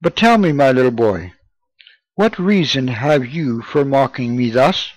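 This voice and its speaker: A man's voice: medium pitch, animated, a little slow, dry recording, low-quality recording. A man reading the part of a haughty parish priest who presses a boy with questions. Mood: stern.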